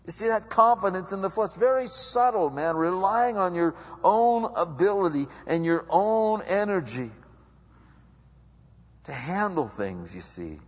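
Guy preaching in a church, fairly high voice, long echo, kinda muffled sound. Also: lively intonation, measured pace. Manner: conversational preaching, acts out listeners' voices with big pitch swings. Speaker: pastor. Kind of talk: sermon, reading and explaining scripture. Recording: muffled recording with long hall reverb.

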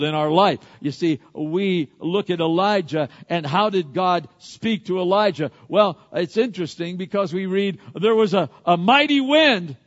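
A man preaching a sermon, swinging between loud emphatic peaks and quiet hushed asides. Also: fairly high pitch. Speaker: pastor. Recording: dull lo-fi sound with long hall reverb.

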